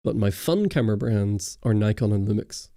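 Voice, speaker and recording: A man with a Northern Irish accent chats loosely on a livestream, rambling through viewer questions. His voice is dark and gravelly, with a dry, close-miked sound. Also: on the low side, lively intonation, moderate pace, dry recording. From Northern Ireland. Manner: rambling, answers viewer chat. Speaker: YouTube host on a livestream. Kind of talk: casual livestream chat. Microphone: close studio mic.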